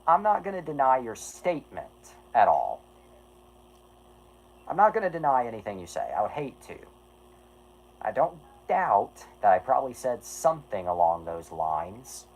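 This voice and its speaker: Male streamer in casual chat, middle pitch, rambling, self-correcting, sweary, a little apologetic. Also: big pitch swings, moderate pace, a little hiss or hum, rough recording.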